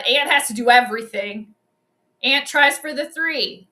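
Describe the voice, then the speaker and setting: A young woman hosting a livestream, giving chatty and excitable commentary on a basketball game straight to her viewers. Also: high voice, unhurried. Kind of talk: casual live commentary.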